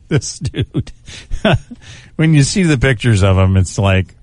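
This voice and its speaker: A man's voice: medium pitch, expressive, a little slow, darkish tone, dry recording, studio quality. A man hosting a radio show, chatting casually through odd news stories, chuckling often and tripping over unfamiliar names. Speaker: radio host.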